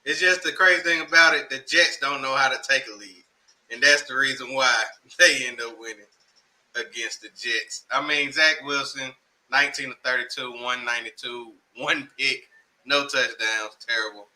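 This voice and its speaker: Male co-host, casual slangy football chat, very bright edgy tone. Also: mid-range voice, fairly even intonation, normal speed, rough recording. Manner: laid-back, slangy, reads stats.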